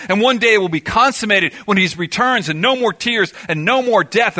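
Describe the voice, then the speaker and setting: In an auditorium sermon, a pastor with a high, sharp-toned voice speaks emphatically, rattling off rhetorical questions that he then answers.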